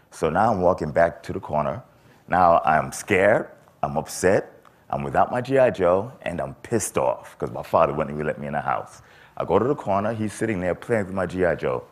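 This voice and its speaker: A man speaking at a convention, telling a childhood story with animated, acted-out quotes. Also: very deep voice. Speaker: conference speaker. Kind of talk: storytelling talk. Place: convention stage.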